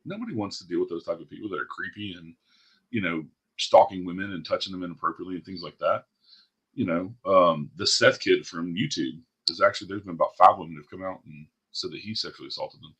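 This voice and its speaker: A man hosting a podcast, ranting in casual chat with blunt, profane energy. His voice is husky and sits fairly low, and the words come out at a rapid clip. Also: a bit bright. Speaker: podcast host.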